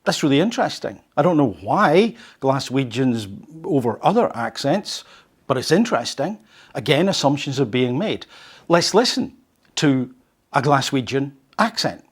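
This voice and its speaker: The host of a language learning podcast reads an article aloud and comments on it in a conversational way, fond of rhetorical questions. His medium-pitched voice has a breathy edge, big pitch swings and a normal speed.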